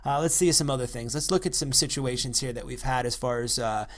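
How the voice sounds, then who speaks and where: A man giving an unscripted coaching talk into a microphone, energetic and repetitive, often checking in with "all right?". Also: mid-range voice, a little fast. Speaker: real estate investing coach. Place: by the ocean.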